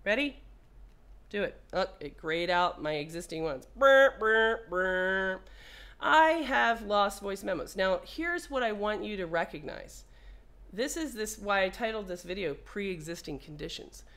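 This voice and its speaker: A woman's voice: medium pitch, animated, moderate pace, a bit bright. A woman repair technician walking viewers through a hands-on demo in a casual, playful way, chatting to the device and cursing when things go wrong. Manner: playful, talks to the phone, swears when frustrated.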